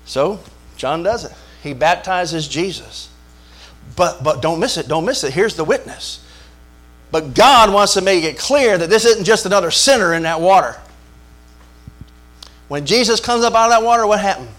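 A man's voice: high voice, lively intonation, moderate pace, pauses often, a bit bright. A man preaching a sermon. He speaks emphatically, repeats his lines, calls out for amens and makes jokes. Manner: emphatic call-and-response preaching, repetitive, joking. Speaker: pastor.

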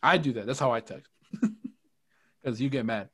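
A man's voice: mid-range voice, normal speed, a bit bright, husky. A young man co-hosting a podcast in casual chat, loose and joking, always saying "bro" and "you know what I mean". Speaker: podcast co-host.

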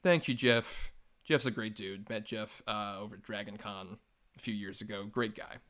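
A man's voice: fairly low pitch, steady tone, moderate pace, fairly bright tone. A man co-hosting a podcast, reading listener messages aloud and chatting in an earnest, grateful way with easy laughter. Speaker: podcast co-host.

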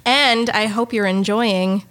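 A woman's voice: mid-range voice, steady tone, slow pace, a bit bright, smooth. A young woman co-hosting a podcast in casual chat, giggly and full of questions. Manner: chatty, giggly, asks questions. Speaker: podcast co-host.

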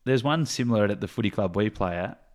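Laid-back man, low voice. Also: fast talker. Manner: relaxed, rambling, with frequent fillers and "reckon". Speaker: podcast co-host. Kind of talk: casual chat.

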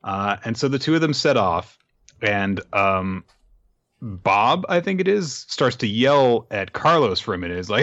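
A man with a very low, deep voice recaps a story in loose, casual chat, laughing and swearing now and then. The recording is dull and lo-fi, with a dry, close sound. He talks like a host chatting with a friend. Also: expressive, measured pace, fairly bright tone, no room sound. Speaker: podcast host recapping a manga.

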